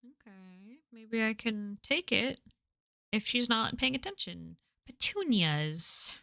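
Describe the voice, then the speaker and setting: A woman streamer talks through a game, curious and chatty, muttering and laughing as she explores. Her voice is bright and a little high, picked up by a close mic with a dry sound. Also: sing-song, slow, vocal fry, no room sound. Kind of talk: let's play commentary.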